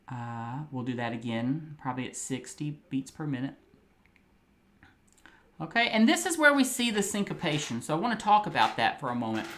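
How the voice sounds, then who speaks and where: Unhurried man teaching piano. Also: a little high, a bit bright. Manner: patient, counts beats aloud while playing. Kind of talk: music lesson. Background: faint piano playing.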